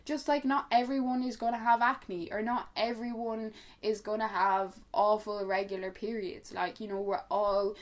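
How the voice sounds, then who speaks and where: A woman's voice: medium pitch, little pitch movement, moderate pace, hardly any pauses. Candid woman vlogging casually. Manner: candid, chatty, peppered with "like" and swearing. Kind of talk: casual chat to camera.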